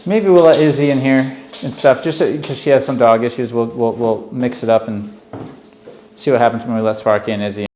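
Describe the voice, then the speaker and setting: A man working as a dog trainer, explaining a dog's behavior in a calm, steady way and softly praising her. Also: mid-range voice, a little fast, echoey room, a little hiss or hum.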